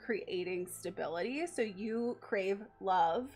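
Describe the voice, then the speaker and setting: A woman's voice: mid-range voice, slow pace, darkish tone. A woman guest talks through astrology in a loose, casual way. She laughs often and fills her sentences with "um" and "like." Faint music plays underneath. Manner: laughs often, explains with many fillers. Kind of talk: casual chat explaining astrology.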